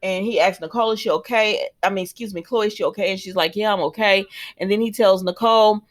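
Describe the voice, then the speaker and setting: A woman talks through a soap opera episode in a loose, conversational recap at a mid-range pitch. She drifts between narrating scenes and voicing the characters' lines, with plenty of fillers along the way. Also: fast talker. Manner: chatty retelling that slips into quoted dialogue, many fillers. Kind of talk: casual spoken episode recap.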